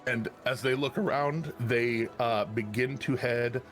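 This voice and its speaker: A man's voice: mid-range voice, unhurried, a bit bright, soft background music. A man narrating as game master of a tabletop game, rambling with lots of restarts and fillers. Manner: rambling, full of uh and restarts, chuckling.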